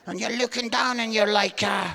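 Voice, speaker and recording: A man, preaching a sermon with animated storytelling and self-deprecating humor. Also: high-pitched, normal speed, creaky. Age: 50s.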